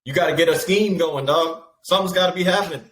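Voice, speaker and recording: A man's voice: on the high side, fast talker, fairly bright tone. A man co-hosting a sports podcast, blunt and dismissive, with slangy casual talk. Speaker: podcast co-host. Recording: echoey room with faint noise.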